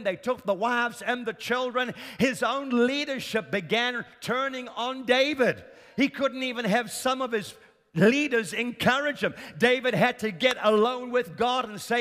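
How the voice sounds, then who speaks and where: A man's voice: extremely high pitch, a bit bright. A man preaching a sermon, emphatic and repetitive, calling for responses from the congregation. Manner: emphatic, repeats lines for effect, calls for audience responses. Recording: long reverb of a large hall.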